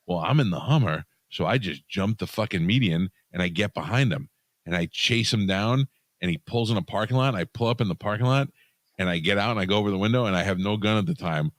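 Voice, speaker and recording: A man with a low, deep voice tells a story in loose, profane chat. He speaks into a close mic in a dead-dry room, and his delivery stays animated and blunt. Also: quick pace, no echo. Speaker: podcast co-host.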